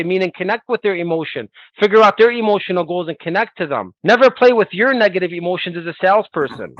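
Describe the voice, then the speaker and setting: Fast, high-voiced man coaching sales. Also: no room sound, highs cut off. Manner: energetic, persuasive, role-plays sales calls.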